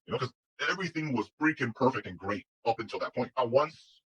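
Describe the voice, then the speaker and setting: A man's voice: mid-range voice, expressive, fast talker, fairly bright tone, breathy edge, low-quality recording. A man telling a personal story in a casual, rambling way, full of restarts and quoted dialogue. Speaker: guest telling his story.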